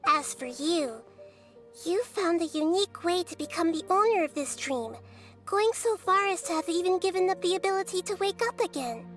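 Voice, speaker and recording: An actress voicing a small, wise girl goddess in a game, calm and measured in her reasoning. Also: very high voice, faint music behind. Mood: probing. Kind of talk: game character dialogue.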